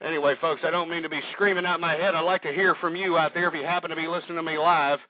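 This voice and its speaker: A man's voice: on the high side, steady tone, rapid-fire, no room sound. A man hosting a talk radio show, ranting with hostility and swearing often, and getting out of breath. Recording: dull lo-fi radio broadcast.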